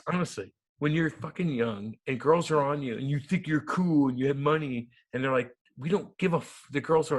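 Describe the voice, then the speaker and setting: A man in his thirties, a former hockey enforcer, telling stories in an interview with a loud, profane manner that swings down to soft mumbles. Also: fairly high pitch. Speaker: guest, former hockey enforcer and radio host. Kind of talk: animated interview storytelling.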